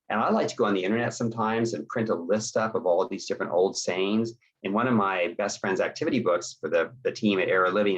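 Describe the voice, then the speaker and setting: A deep, husky-voiced middle-aged man gives an instructional webinar talk. He speaks conversationally and keeps checking in with his listeners. The audio is dull and lo-fi. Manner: conversational, checks in with "okay?" and acts out sample dialogues. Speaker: webinar presenter.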